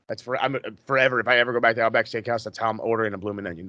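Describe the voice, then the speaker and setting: A man hosting a podcast, recapping in a casual, excitable, profane way that rambles. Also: on the low side, rapid-fire, no echo, lo-fi sound. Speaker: podcast host.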